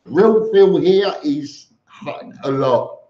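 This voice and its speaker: Male live-stream host, slow and chatty, in an echoey room, muffled lo-fi sound. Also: fairly high pitch, expressive. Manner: greets viewers by name, chatty. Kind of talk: casual live stream chat reading comments. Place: home room with fans on.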